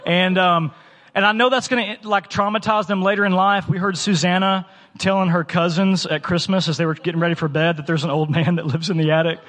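A man's voice: high-pitched, fairly even intonation, a little fast, fairly bright tone, long reverb tail. A man in his thirties preaching a sermon as a church pastor, talking in a conversational, earnest way with many fillers and restarts. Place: church sanctuary.

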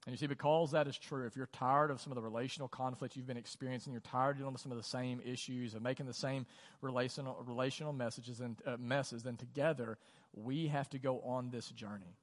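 A man with a mid-pitched voice preaches a sermon in a relaxed, conversational way. He leans on "like" and asks the congregation questions as he goes. His voice rings through a church hall with a long reverb. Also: fast talker. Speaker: pastor. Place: church auditorium.

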